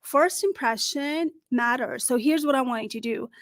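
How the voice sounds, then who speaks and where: A woman career coach giving lively, emphatic advice straight to camera, acting out short phone calls as she goes. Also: high-pitched, normal speed, dry recording. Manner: animated, emphatic, acts out little phone calls. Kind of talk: direct-to-camera advice talk.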